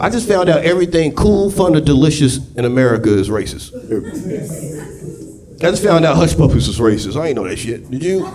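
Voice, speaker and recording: A man performing a stand-up comedy routine on a club stage, animated and loose. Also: on the high side. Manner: animated, with jive voice impressions. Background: audience laughter.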